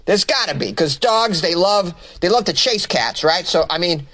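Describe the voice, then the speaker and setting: A man's voice: high voice, animated, brisk, fairly bright tone, dry recording. A man hosting a comedy news podcast, reading odd stories and riffing on them with sarcastic asides.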